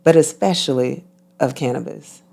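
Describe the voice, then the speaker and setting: A woman speaking as a guest healer in an interview, calm and measured, repeating phrases for emphasis. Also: rumbling low, vocal fry. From United States. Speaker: guest, intuitive healer and physician. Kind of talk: reflective interview talk.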